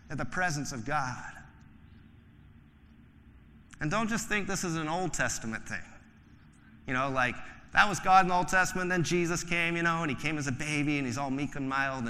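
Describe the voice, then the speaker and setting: A man preaching a sermon in a relaxed, joking, conversational way, acting out the voices in the stories he tells. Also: high-pitched. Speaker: pastor. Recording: long hall reverb.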